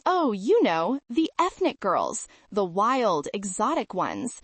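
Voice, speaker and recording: A woman's voice: mid-range voice, very animated, slow pace, husky, no room sound, heavily acted. A woman doing a brash Southern belle. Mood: syrupy.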